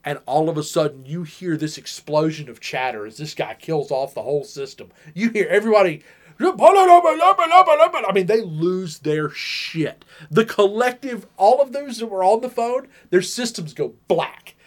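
A man co-hosting a podcast, telling stories in a lively, casual way and acting out the people he quotes. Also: on the high side, moderate pace, hardly any pauses. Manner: animated, acts out quoted voices, laughs often. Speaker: podcast co-host. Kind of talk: casual storytelling chat.

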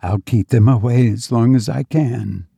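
A man's voice: medium pitch, unhurried, vocal fry, mellow, slightly rough, no room sound, studio quality. A man voicing a quivering old manservant. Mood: anxious. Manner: quivering, pleading. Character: frail, devoted old male servant.

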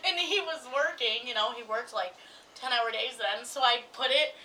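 A woman co-hosting a podcast, telling a story in casual chat, animated and laughing often as she acts out what others said. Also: on the high side, moderate pace, far from the mic, slight background noise, rough recording. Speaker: podcast co-host.

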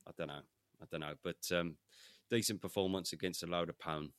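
Low-voiced man, frank and sweary. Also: steady tone, fairly quick, a bit bright, clear, resonant tone, no echo, studio quality. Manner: frank, swearing, hesitant fillers. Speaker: podcast co-host. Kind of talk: casual chat.

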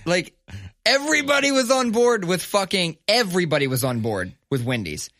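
A lively, swearing man spins a story for a podcast, his pitch swinging up and down. His voice is bright and forward, recorded close and dry with no room sound around it. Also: moderate pace, dry recording. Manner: animated, profane, acts out voices in his stories. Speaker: podcast co-host. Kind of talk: casual storytelling chat.

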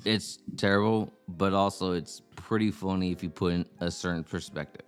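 A young adult man in a casual podcast chat, an animated storyteller who slips into squeaky toddler imitations. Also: normal speed, clear, resonant tone, faint music behind. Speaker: podcast co-host.

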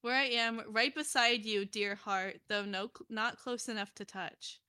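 A woman's voice: a little high, fairly even intonation, a little slow, pushed and bright, smooth. Woman reading as a sly taunting cave voice. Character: mocking unseen voice in a cave, sly and teasing.

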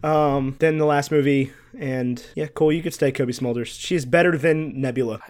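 A young man co-hosting a casual chat, excitable and teasing, quick with asides. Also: mid-range voice. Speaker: podcast co-host.

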